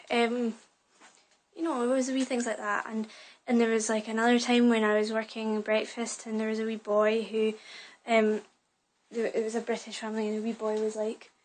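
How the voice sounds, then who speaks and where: A young woman records a casual vlog on her phone in her bedroom, rambling through a story with lots of fillers and false starts. Her voice is on the high side with little pitch movement and a normal pace, captured in low quality with slight background noise.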